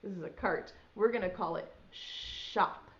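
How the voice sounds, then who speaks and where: Over lo-fi sound, a young preschool teacher speaks to small children in a virtual lesson with a mid-range voice and a measured pace. Her delivery is sing-song and encouraging, with sounds stretched out.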